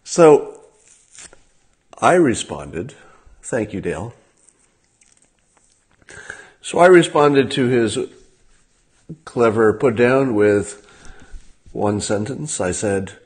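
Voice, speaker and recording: A man hosting a livestream, talking in a casual monologue with a dry, sardonic manner and frequent halting fillers. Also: lowish voice, lively intonation, darkish tone, slightly rough. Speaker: livestream host.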